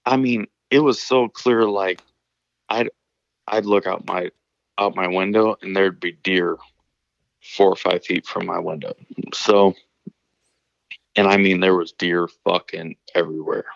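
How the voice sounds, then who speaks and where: A man's voice: low voice, steady tone, unhurried, creaky, pauses often, no room sound, highs cut off. A man from Illinois, calling in to a show, telling a story casually, rambling and swearing with many restarts. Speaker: caller telling stories.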